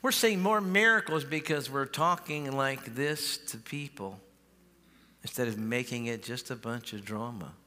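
A man's voice: mid-range voice, a little slow, sharp tone. A male pastor preaching in a big sanctuary, chatty and folksy, doubling back on his words. His voice sits in an ordinary middle register. Long reverb rings off the hall. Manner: folksy, conversational preaching with repeated starts. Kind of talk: sermon. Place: large church sanctuary.

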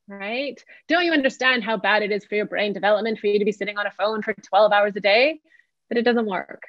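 A woman's voice: mid-range voice, dry recording. A woman psychotherapist giving an online parenting workshop over a video call, talking casually and acting out what parents say. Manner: warm, chatty, acts out parents' quotes. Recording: dry, slightly dull video-call audio.

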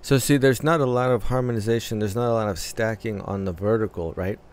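A man's voice: on the low side, fairly quick. A man hosting a music reaction, casually analyzing the vocals and arrangement as he listens, often restarting phrases as he thinks aloud.

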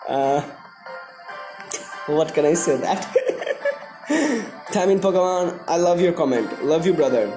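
Excitable man hosting a live stream. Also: on the high side, normal speed, pauses often, music in the background. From India. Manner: excitable, greets viewers by name, repeats himself. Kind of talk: live-stream chat with viewers.

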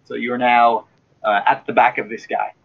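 A man with an Australian accent narrating a tabletop game as game master, pausing often with fillers as he describes scenes. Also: mid-range voice, flat delivery, vocal fry, phone-quality sound. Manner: hesitant, with many uh fillers while describing scenes.

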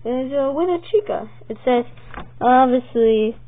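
A woman's voice: sits high, a little slow. Tinny, chatty woman with the hiccups. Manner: rambling, chatty, bursts of excitement. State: has the hiccups. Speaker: channel host showing her drawings. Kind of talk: casual vlog chat. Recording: tinny phone-like sound with faint noise.

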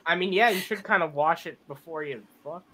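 A woman's voice: lowish voice, brisk, fairly bright tone. A woman panelist on a podcast, chatting casually and asking blunt questions. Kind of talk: casual chat.

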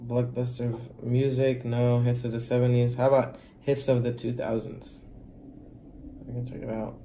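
A man's voice: mid-range voice, flat delivery, moderate pace, warm tone. A young man talking in an easygoing, loose way with a partner, full of casual slang and mild swearing. A faint hiss sits under his voice. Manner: laid-back, swears freely, casual slang. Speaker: vlogger, husband. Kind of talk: casual chat, playing a guessing game.

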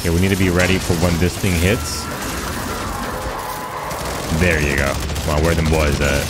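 A man's voice: low voice, fairly even intonation, normal speed, pauses often, heavy background noise. A man giving playful, casual commentary while playing a game, now and then chanting lines over and over. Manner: playful, sings along and repeats chants. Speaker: gaming streamer. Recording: game gunfire behind voice.

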